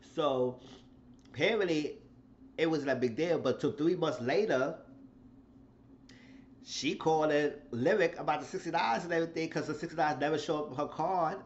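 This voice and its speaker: A man casually recapping a reality show episode, telling it in an animated, profane way. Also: normal speed, long pauses, dull audio, a little hiss or hum. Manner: animated storytelling, shifting into high acted quotes.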